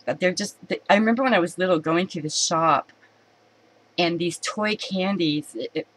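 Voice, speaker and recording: A woman's voice: lowish voice, normal speed, husky, poor audio. Chatty woman unboxing candy at home. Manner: chatty, excited, giggly, often restarting. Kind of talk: casual unboxing chat to camera.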